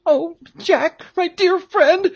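A man reading aloud and voicing a frightened, excitable teenage boy in a high, shrill, panicky voice. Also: slow pace, lo-fi sound, exaggerated voice. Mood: panicked.

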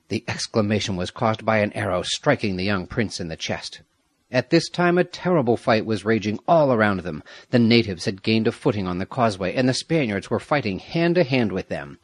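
A man narrating an adventure story in a measured, dramatic reading. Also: on the low side, sing-song, no echo. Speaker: audiobook narrator. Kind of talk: scripted narration.

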